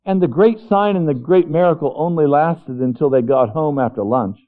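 A man preaching a sermon, slow and storytelling, dropping his voice soft when he voices God's words. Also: a little high. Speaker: pastor. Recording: tinny phone-like lo-fi recording.

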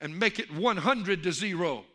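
A man voicing a ruthless, cocky male sports coach who yells and chants at his team. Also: sits high, lively intonation, normal speed, full character voice. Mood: fierce rallying. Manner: yelling, repeating chants.

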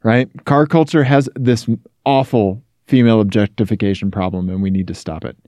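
A man's voice: on the low side, fairly even intonation, fairly quick, mellow, no echo, clean studio sound. A man from Missouri co-hosting a podcast in casual chat, talking with many fillers and restarts. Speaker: podcast co-host.

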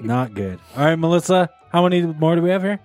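A man's voice: fairly high pitch, lively intonation, quick pace, a little mellow, faint music behind. A man hosting a casual word game with friends, joking and swearing often. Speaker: host running a reverse-speech word game. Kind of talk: casual chat among friends.

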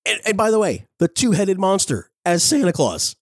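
A man in his forties giving a casual, enthusiastic review, talking quickly and laughing often. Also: sits high, big pitch swings, husky, dry recording, studio quality. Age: 40s.

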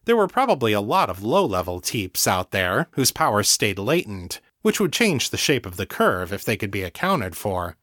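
A man narrating fiction in an unhurried, expressive storytelling manner. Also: on the low side, dry recording, studio quality. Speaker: audiobook narrator.

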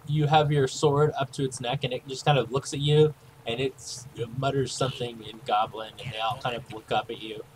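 A man narrating as game master of a tabletop game, in a relaxed, halting way with fillers and chuckles. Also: mid-range voice. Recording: faint background noise.

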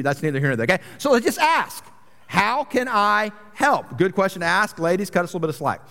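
A man's voice: high voice, sing-song, quick pace, fairly bright tone. A young man preaching a casual, conversational sermon as a pastor, with a joking, self-deprecating manner. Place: church sanctuary. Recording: long reverb of a large church hall.

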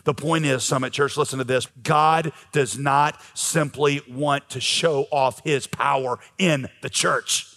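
In a church sanctuary with the long reverb of a large hall, a pastor preaches a sermon conversationally, using frequent fillers. His medium-pitched, fairly bright voice stays steady and unhurried, with few pauses.

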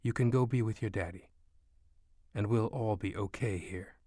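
Soothing older mom, male narrator doing her, soft and quiet, dry close sound. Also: lowish voice, normal speed, no echo, lightly acted. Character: gentle comforting older mother at a deathbed. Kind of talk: audiobook character voice.

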